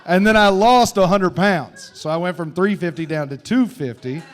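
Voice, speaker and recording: A man telling loud, profane, laughing stories on a comedy club stage into a handheld mic. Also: high voice, normal speed, background noise. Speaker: comedian and teacher. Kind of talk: live comedy Q&A storytelling.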